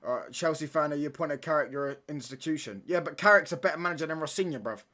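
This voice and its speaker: A young man holds forth on football during a live stream from home, talking a little higher than most men. He rambles, trades jabs with his chat and throws in plenty of slang. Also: fast, bright, forceful tone. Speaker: livestream watchalong host.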